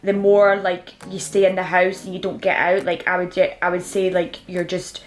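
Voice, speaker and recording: Flat-voiced young woman, echoey room. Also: lowish voice, normal speed. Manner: rambling, full of fillers. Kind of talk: casual chat.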